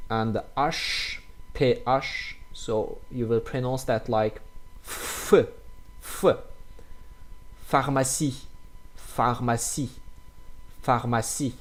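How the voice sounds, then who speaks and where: A man with a French accent teaching French pronunciation in English, slowly repeating each example word with many hesitant fillers. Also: mid-range voice, darkish tone. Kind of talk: casual pronunciation lesson.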